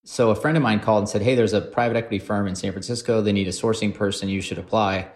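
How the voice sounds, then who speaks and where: A man's voice: on the low side, fairly even intonation, fast. A man in his forties, a podcast guest, telling self-deprecating stories about his career in a casual, wry way. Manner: wry, self-deprecating anecdotes with acted-out quotes. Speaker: podcast guest, private equity investor. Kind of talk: casual storytelling.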